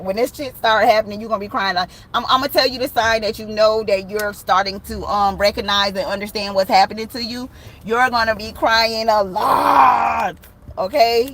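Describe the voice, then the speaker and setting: An animated woman reads tarot in a casual, slangy way. Her speech is loose and full of swearing. Faint noise hums behind her voice. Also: mid-range voice, brisk, low-quality recording. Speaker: tarot reader.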